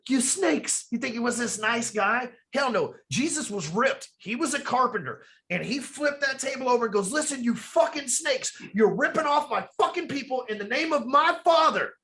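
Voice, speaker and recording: A man's voice: sits high, pushed and bright. A man talking as a podcast guest from his office, emphatic and rambling, with plenty of swearing. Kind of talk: casual podcast conversation.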